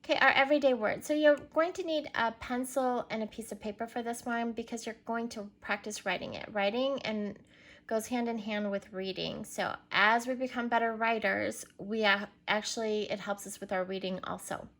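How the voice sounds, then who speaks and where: A woman's voice: on the high side, fairly even intonation, normal speed, a bit bright. A woman teacher giving a recorded reading lesson to young children, patiently prompting and spelling words out letter by letter.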